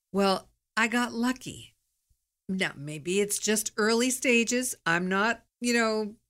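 A woman's voice: medium pitch, a bit bright. A middle-aged woman hosting her own podcast, talking candidly in a chatty, storytelling monologue. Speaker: podcast host. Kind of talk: casual monologue.

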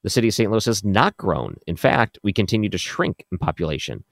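Deep-voiced man hosting late-night radio. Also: very animated, fairly quick, creaky, no echo, studio quality. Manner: casual, chatty, thinks aloud over figures. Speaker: radio talk show host. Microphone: studio microphone.

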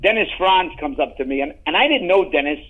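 In a relaxed storytelling interview, a middle-aged actor with a notably high voice spins long, rambling anecdotes, animated and a little fast. He keeps restarting and piling on asides, and the audio is dull and muffled, like a lo-fi line.

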